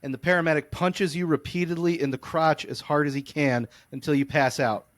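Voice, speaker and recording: A man co-hosting a podcast, telling long, animated, rambling stories in casual sports chat. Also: a little high, fairly quick, no echo. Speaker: podcast co-host. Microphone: close podcast mic.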